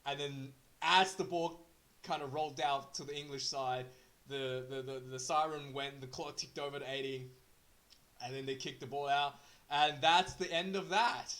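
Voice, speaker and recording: A man with a slightly higher voice gives an off-the-cuff rugby match recap. He stumbles through fillers and restarts, then picks up steam as the story gets exciting. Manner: halting, full of fillers and restarts. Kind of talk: casual unscripted match recap.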